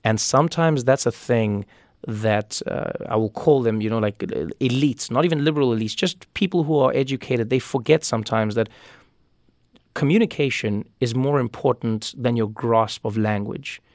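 A man from Africa, talking as an interview guest and telling stories in animated, quick bursts. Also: medium pitch, dry recording, studio quality. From South Africa. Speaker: guest author. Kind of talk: conversational interview.

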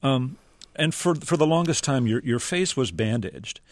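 A man's voice: medium pitch, big pitch swings, normal speed, no echo. A man interviewing a guest, prompting him with questions and summarizing his writing. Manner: prompting, paraphrasing the guest's book. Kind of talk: radio interview.

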